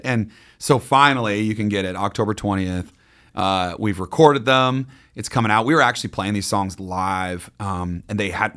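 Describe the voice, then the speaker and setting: Low-voiced man, excitable and rambling. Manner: excitable, rambling, many restarts and fillers; devout, says praise phrases. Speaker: touring musician guest. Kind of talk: casual radio interview.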